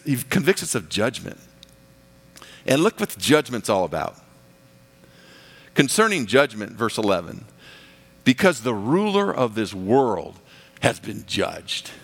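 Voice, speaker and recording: Animated male preacher in a reverberant hall. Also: medium pitch, breathy edge. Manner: animated preaching, acts out quoted voices. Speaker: pastor. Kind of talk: sermon.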